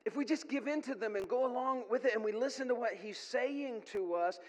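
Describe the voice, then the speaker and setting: A man's voice: very high voice, fairly quick, in a large hall. A middle-aged man preaching a sermon as a pastor, earnest with folksy asides.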